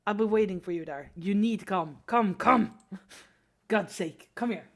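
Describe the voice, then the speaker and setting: A woman's voice: medium pitch, moderate pace, a little mellow. A chatty woman from Sweden talks loosely to her livestream audience while she draws. She swears freely and laughs often, with a mid-range voice for a woman. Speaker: streamer. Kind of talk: casual livestream chat while drawing.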